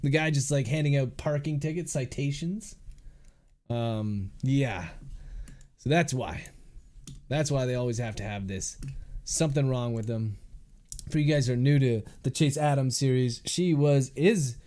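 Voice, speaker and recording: A man's voice: mid-range voice, unhurried, mellow. Man dictating a novel aloud. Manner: speaks punctuation aloud, chatty and joking between chapters. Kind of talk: dictating a novel aloud, then casual chat with viewers. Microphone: studio microphone.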